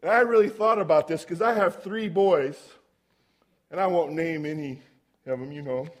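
A man with a notably high voice preaching in a relaxed, conversational way. He tells stories and keeps turning to the congregation with rhetorical questions. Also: moderate pace. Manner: storytelling, asks the audience rhetorical questions. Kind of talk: conversational sermon.

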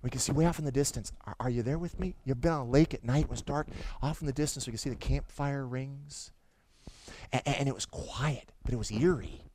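A man's voice: medium pitch, brisk, a little hiss or hum. A middle-aged male pastor preaching a sermon. He tells stories with stammered restarts and keeps asking the congregation questions. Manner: animated storytelling with stammered restarts; asks the audience questions.

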